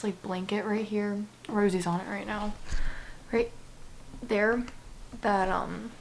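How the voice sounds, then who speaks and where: Young female vlogger, soft and halting, close to tears, often near a whisper, faint background noise. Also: mid-range voice. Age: young adult. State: tearful. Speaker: book vlogger. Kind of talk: casual personal vlog to camera.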